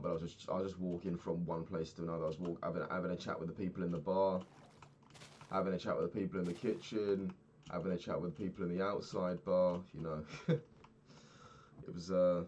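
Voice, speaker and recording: Low-voiced young man rambling casually. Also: level tone, fairly quick, a little mellow, dull audio, a little hiss or hum. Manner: rambling, swears freely, laughs often. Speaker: vlogger. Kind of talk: casual video-diary chat while gaming.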